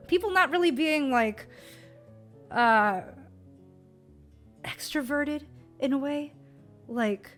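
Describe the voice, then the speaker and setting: A young American woman streamer chatting casually about a trip, giggly and full of fillers. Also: high voice. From United States.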